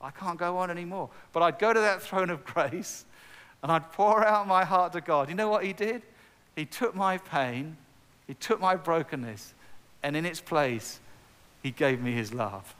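A man's voice: a little high, animated, normal speed, fairly bright tone, clear, resonant tone. A middle-aged man preaching a sermon, telling a personal story in an earnest way and repeating words as he builds to emphatic peaks. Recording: long hall reverb.

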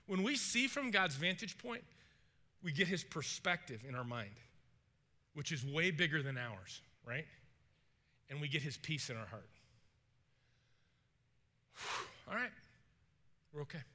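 Animated high-voiced man preaching. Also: a little slow, long pauses. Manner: animated storytelling, acts out characters' panic, asks the congregation questions. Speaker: pastor. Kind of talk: sermon.

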